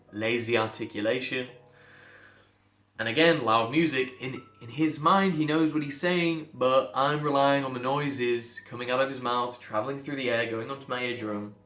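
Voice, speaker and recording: A man's voice: medium pitch, sharp tone. A man coaching pronunciation, blunt and emphatic, repeating phrases to drive points home. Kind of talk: direct-to-camera lesson. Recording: echoey room with faint music.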